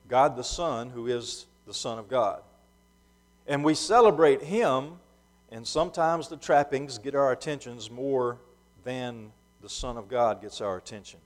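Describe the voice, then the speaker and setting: A man preaching a sermon in earnest, often restarting and repeating phrases, dropping soft and low at times, then rising to louder emphatic lines. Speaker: pastor.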